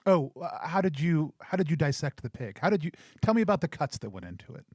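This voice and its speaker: A man's voice: fairly high pitch, sing-song, quick pace, a little mellow, husky, dry recording. Man playing a tabletop game, dry sound. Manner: playful, hesitant with ums and uhs. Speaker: player.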